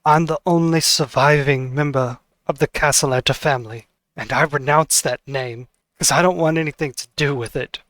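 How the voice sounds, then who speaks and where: A firm noblewoman cutting ties with her family, speaking quickly and flatly, as a man running the game voices her. The recording is dry and close. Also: on the high side, no room sound, close to an everyday voice.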